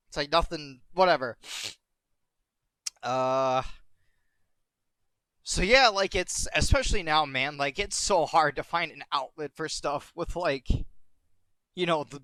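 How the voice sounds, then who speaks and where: A man with a slightly high, smooth and resonant voice talks on a live stream, halting and repeating himself as he fights back tears. The sound is dry and close, with no room around it. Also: sharp tone, dry recording. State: tearful, on the verge of crying. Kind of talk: emotional live-stream monologue.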